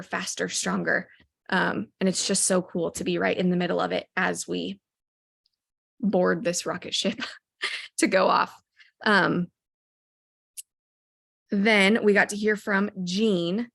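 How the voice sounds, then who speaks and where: A woman's voice: fairly low pitch, little pitch movement, measured pace, vocal fry, long pauses, a bit bright. A woman recapping a company event for her team in a casual motivational talk, eager and full of ums and restarts. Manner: enthusiastic, many ums, rambling restarts.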